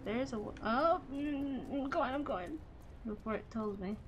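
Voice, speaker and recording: A woman's voice: high-pitched, unhurried, dull audio, background noise. A woman streaming a game, chatting casually, thinking aloud as she plays and laughing often. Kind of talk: casual gameplay chat.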